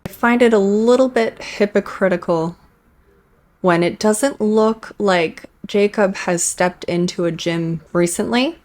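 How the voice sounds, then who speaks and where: A woman host giving casual commentary on online clips, chatty and full of quick restarts. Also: mid-range voice, darkish tone. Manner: chatty, with frequent restarts and laughs.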